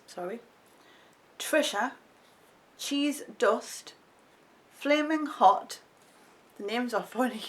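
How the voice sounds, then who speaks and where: A woman, chatting excitedly to her viewers as she unboxes makeup for a vlog. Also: a little high, slow pace, pauses often, low-quality recording. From North East England. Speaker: beauty vlogger. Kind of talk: casual unboxing chat.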